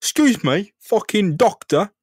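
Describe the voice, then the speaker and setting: A foul-mouthed thug of a superhero ranting at full volume, as a man puts him on. The voice is pushed high and shouty. It sounds dry and close, with no room around it. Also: very animated, unhurried, no echo, full character voice. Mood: indignant ranting. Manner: swearing, indignant, shouty. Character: loud foul-mouthed British thug version of Spider-Man, young man.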